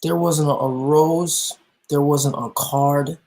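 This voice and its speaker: Halting, emotional young man telling his story. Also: on the high side, steady tone, darkish tone, poor audio. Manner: halting, full of restarts and fillers. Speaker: guest, musician.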